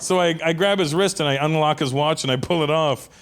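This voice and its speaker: A male comedian telling a long stand-up story, lively, often acting out the lines of the people in it. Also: on the high side, brisk, some chatter behind. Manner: animated, acts out other people's lines.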